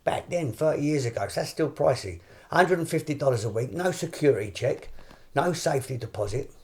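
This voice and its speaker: Gravelly English man telling stories. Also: fairly high pitch, brisk. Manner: animated anecdote-telling with frequent repeats and restarts. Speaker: podcast guest, boxer. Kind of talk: casual storytelling.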